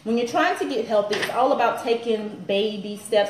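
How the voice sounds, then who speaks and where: A woman's voice: fairly high pitch, sing-song, fairly quick, few pauses, echoey room, slight background noise, poor audio. A woman personal trainer in her thirties, chatting upbeat on a live stream to viewers and laughing often.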